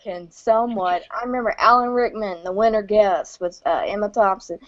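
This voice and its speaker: A woman's voice: medium pitch, fairly even intonation, fairly quick. A woman hosting a casual podcast chat, chatty and hesitant with many fillers. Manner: chatty, hesitant, laughs often. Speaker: podcast host. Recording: dull lo-fi sound.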